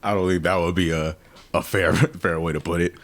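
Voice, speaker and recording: A man's voice: deep voice, steady tone, brisk. A man co-hosting a podcast in casual chat, teasing his partner with jokes, slang and swearing. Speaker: podcast co-host.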